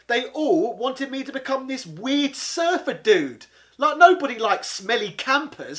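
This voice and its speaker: A man rants comically, sounding indignant and exasperated. His voice sits high and leaps up and down. The tone is of a comic reviewer talking straight to camera. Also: fairly bright tone. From London, England. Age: 30s. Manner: exasperated, indignant, peppered with 'bloody'. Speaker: video game reviewer. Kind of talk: comedic ranting monologue.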